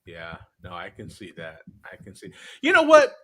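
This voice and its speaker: A man's voice: deep voice, wildly swooping pitch, moderate pace, fairly bright tone. A man hosting a casual chat on a live show, jokey, laughing often and riffing on his co-hosts. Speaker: host.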